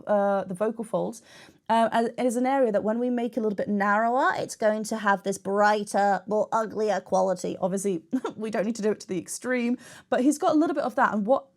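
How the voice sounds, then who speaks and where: A young woman, a vocal coach, chatting enthusiastically while she reacts to and analyses a singer's technique. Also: medium pitch.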